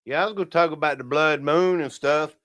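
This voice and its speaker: A man's voice: a little high, a little fast, fairly bright tone. A man hosting a casual livestream, rambling and chuckling as he talks to his viewers. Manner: rambling, laughs often, talks to viewers as "y'all". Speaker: livestream host.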